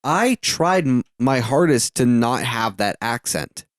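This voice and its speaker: A man's voice: mid-range voice, lively intonation, slow pace, no room sound, clean studio sound. A man from the southern United States hosting a podcast, chatting casually in a rambling, self-correcting way and swearing now and then. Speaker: podcast host.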